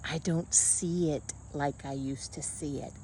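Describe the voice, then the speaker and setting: A woman's voice: sits low, steady tone, unhurried, mellow, a little hiss or hum. A woman coaching in a casual motivational monologue, blunt and folksy, calling the listener honey.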